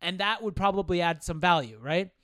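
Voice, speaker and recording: A young man hosting a solo podcast, telling a rambling, profane, animated story. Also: high-pitched, brisk, no room sound, studio quality. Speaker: podcast host. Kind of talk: casual solo podcast monologue.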